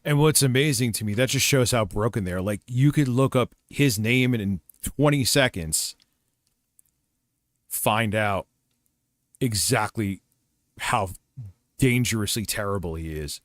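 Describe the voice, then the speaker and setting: A man's voice: fairly low pitch, measured pace, long pauses, no room sound, clean studio sound. A man hosting a livestream who comments casually, rambling, crude and mocking. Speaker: livestream host.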